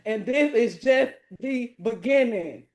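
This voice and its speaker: A woman from Milwaukee, giving an excited, heartfelt award acceptance speech in casual slang over a video call. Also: on the high side, slow pace. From Milwaukee, USA. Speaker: award winner and speaker.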